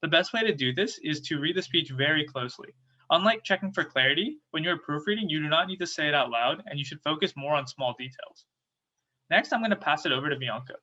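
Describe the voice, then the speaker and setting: Young man, bright and slightly high voice, steady scripted workshop talk, dull lo-fi video-call sound. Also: fast. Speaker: student workshop presenter. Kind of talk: reading a prepared presentation.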